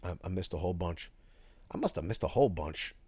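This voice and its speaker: A man hosting a casual live stream, reading viewer chat aloud and answering in a loose, animated way. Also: low-pitched, fast talker, breathy edge, no room sound. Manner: animated, reads chat aloud, calls people bro. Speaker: livestream host reading chat.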